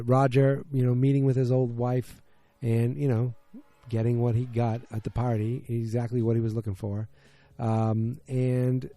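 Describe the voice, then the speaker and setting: A man's voice: medium pitch, dark tone. A man hosting a podcast from his home basement, recapping an episode casually with lots of fillers and restarts. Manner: rambling, many fillers and restarts. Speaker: podcast host.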